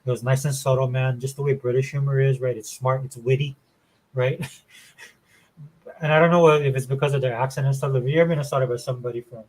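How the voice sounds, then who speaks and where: Male host, casual gaming chat, rambling excited delivery, tosses in "dude" and "man". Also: mid-range voice, brisk, poor audio. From Florida. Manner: rambling and enthusiastic, says dude and man a lot. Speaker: show host.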